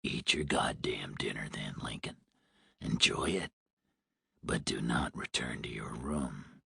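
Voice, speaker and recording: A man voicing a hoarse, heavy-smoking stranger who threatens in a low, slow whisper. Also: pushed and bright, exaggerated voice. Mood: menacing. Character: hoarse menacing man on phone, smoker.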